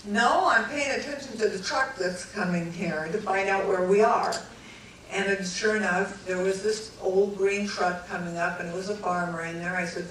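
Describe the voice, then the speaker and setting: A middle-aged woman from California telling her own story to an audience, animated, acting out the voices of the people she quotes and laughing along the way. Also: on the low side, normal speed, a little hiss or hum. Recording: echoey hall, mic from a distance.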